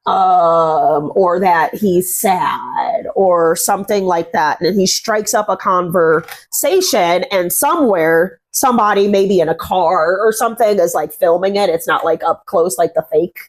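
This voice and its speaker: A woman's voice: fairly low pitch, a little slow, hardly any pauses. A woman hosting a casual interview about faith, telling stories earnestly with many fillers. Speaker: host.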